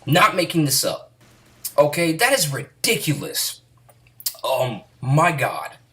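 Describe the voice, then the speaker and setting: A woman's voice: sits low, sing-song, slow pace, a bit bright. Profane, exasperated woman ranting about games. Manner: profane, exasperated, rambling with restarts. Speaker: gaming YouTuber. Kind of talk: angry gaming rant. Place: at home, sitting down.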